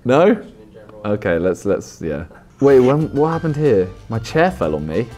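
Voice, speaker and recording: A man's voice: lowish voice, sing-song, moderate pace, warm tone, soft background music. A young man, reacting to fan posts in casual commentary, teasing and self-mocking.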